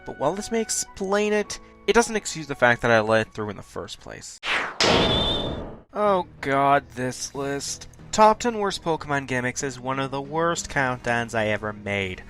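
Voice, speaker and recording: Fast, lively self-critical countdown host. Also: male voice, mid-range voice, music in the background. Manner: talks fast, stutters at points. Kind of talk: scripted countdown commentary.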